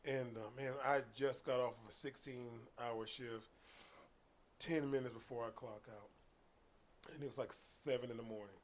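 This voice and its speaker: A man telling stories in casual conversation as a podcast guest, animated, dropping into hushed asides and then loud bursts. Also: mid-range voice, moderate pace, a little hiss or hum.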